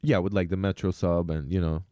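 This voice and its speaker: A man's voice: low-pitched, steady tone, a little fast, dark tone, no echo, studio quality. A man chatting loosely in a casual podcast conversation, often using "like" and trailing off mid-phrase.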